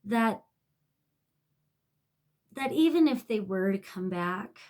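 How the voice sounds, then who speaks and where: A woman reads tarot to camera in a loose, rambling way, with her voice at an ordinary middle pitch for a woman. She is emotional and swears freely, and she often sinks to a soft near-whisper. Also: animated, slow. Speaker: tarot reader. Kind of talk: casual tarot reading to camera.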